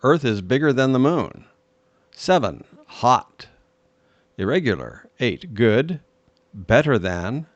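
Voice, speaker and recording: A man teaching an English lesson, reading grammar rules and examples in careful, measured steps. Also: medium pitch, very animated, no echo, muffled recording. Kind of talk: slow, deliberate language lesson reading.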